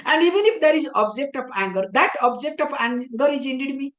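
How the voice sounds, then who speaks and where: Woman teacher, bright voice, echoey room. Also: high-pitched, brisk. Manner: explains patiently with many rhetorical questions; recites verses in chant-like phrases. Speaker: spiritual teacher. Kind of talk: scriptural discourse.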